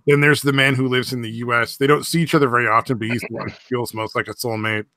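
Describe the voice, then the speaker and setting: A man chatting on a podcast in a bright, forceful voice, recorded dry and close with no room sound. He swears freely and lays on sarcasm, and he laughs easily. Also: medium pitch, fairly even intonation, fast talker, no room sound. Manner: profane, sarcastic, laughs often. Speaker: podcast host. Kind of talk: crude casual chat.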